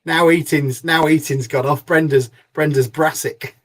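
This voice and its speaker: A man's voice: on the high side, steady tone, a little slow. A man hosting a fan podcast in casual chat, jokey and teasing. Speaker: podcast host.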